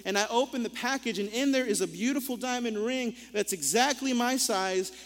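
A man voicing a flustered, apologetic young woman, telling her side in a rush, recorded with long hall reverb. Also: very high-pitched. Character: flustered young woman who signed for the package.

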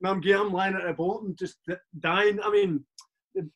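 A man in his forties with a Glaswegian accent, a guest chatting casually in a halting, rambling way with many restarts. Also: sits high, steady tone, a bit bright, highs cut off. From Scotland. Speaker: podcast guest, DJ. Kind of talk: casual chat.

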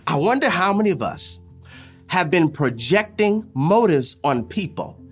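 A man preaching a sermon as pastor, repeating lines and swinging from loud declarations to hushed asides. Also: high-pitched, very animated, measured pace, husky, soft background music.

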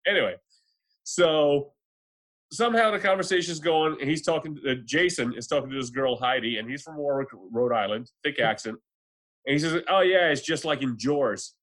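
A man co-hosting a casual movie podcast, telling stories with animated energy and acting out the people he quotes. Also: fairly high pitch, normal speed. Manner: animated storyteller, acts out quoted voices. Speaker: podcast co-host. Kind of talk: casual movie chat and storytelling.

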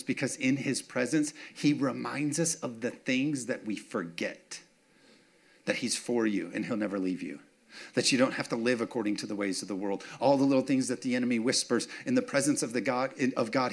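In a casual, story-driven sermon, this pastor repeats phrases to drive them home and calls on the congregation for amens. He speaks with a mid-range, creaky voice.

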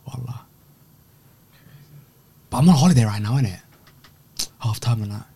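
A young man, chatting casually as a podcast guest, animated and slangy with quiet mumbled asides. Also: medium pitch, normal speed, vocal fry, husky. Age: young adult. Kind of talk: casual chat.

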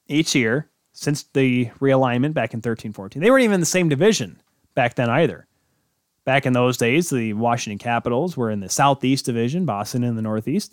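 A man's voice: mid-range voice, no room sound, studio quality. A man hosting a sports podcast, talking casually on his own in a rambling, joking way and correcting himself as he goes. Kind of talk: casual solo sports talk.

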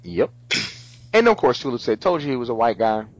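A man co-hosting a casual podcast, recapping a TV episode with animated storytelling, acting out the characters' lines and swearing freely. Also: mid-range voice, a little fast, highs cut off. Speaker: podcast co-host.

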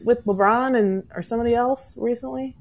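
A woman's voice: on the high side, brisk, darkish tone. A woman from the United States co-hosting a podcast, chatting casually, trailing off and laughing as she tells stories. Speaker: podcast co-host. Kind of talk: casual chat.

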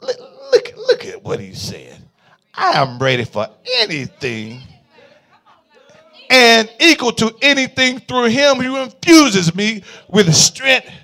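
A male pastor preaching a sermon in a call-and-response style, swinging from quiet murmurs to fervent shouts. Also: very high voice, huge pitch swings, slow pace.

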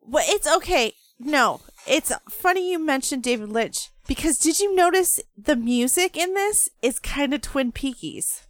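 A chatty woman co-hosting a movie podcast, her voice sitting a bit high. She laughs easily and reacts fast to her co-host. The recording is dry and close. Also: animated, no room sound. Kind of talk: casual film discussion.

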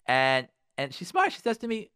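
A man's voice: on the high side, huge pitch swings, normal speed, sharp tone, smooth, dry recording, clean studio sound. A middle-aged man hosting a radio talk show, giving insistent advice and repeating his points straight to the listeners. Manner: insistent, repeats phrases, addresses listeners directly. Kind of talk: emphatic advice monologue.

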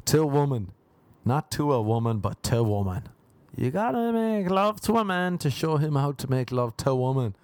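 A man, telling a rambling self-mocking comic monologue and often jumping into high put-on voices. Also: sing-song, normal speed, a little mellow, dry recording. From Ireland. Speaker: comedian. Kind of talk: comedic monologue.

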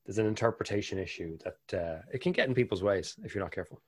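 A man with an Irish accent chatting casually on a podcast, telling stories and slipping into animated impressions. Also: lowish voice, quick pace, breathy edge, no room sound, studio quality. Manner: animated storyteller, bursts into lively impressions. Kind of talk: casual conversation.

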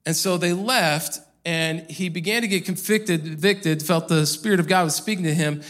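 A man's voice: a little high, moderate pace, a bit bright. A male pastor preaching a sermon in a church, telling a story in a loose, conversational way. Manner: conversational storytelling with casual fillers.

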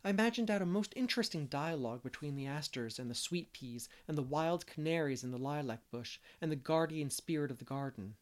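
A man's voice: on the high side, expressive, brisk, few pauses, close to an everyday voice. A man reading as a fanciful, earnest young girl. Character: imaginative, talkative young girl, romantic.

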